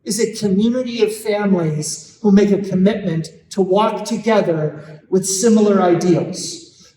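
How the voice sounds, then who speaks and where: A man with a fairly high voice gives an earnest live talk to a room of parents, leaning hard on his key points and drawing them out slowly. He sounds a little distant from the mic, and his voice rings in a big echoey hall with a faint murmur of room noise underneath. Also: lively intonation, darkish tone. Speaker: Catholic speaker on parenting.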